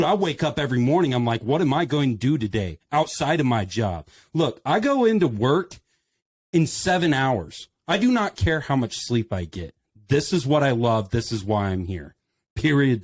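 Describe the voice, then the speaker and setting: A man's voice: fairly high pitch, darkish tone, no echo. A man in a casual podcast discussion, speaking with passion and firing off emphatic rhetorical questions. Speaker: podcast panelist.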